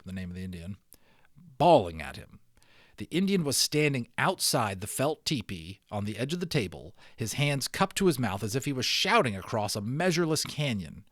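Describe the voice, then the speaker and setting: Brief: male audiobook reader, animated and expressive, mid pitch, dry close sound. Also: no room sound. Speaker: audiobook narrator. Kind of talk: dramatic storybook reading.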